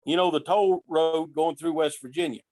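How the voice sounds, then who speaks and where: Man, fairly high voice, dry close sound, storyteller who voices his characters. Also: moderate pace, no echo. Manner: lively, acts out quoted voices. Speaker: podcast guest telling road stories. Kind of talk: casual storytelling.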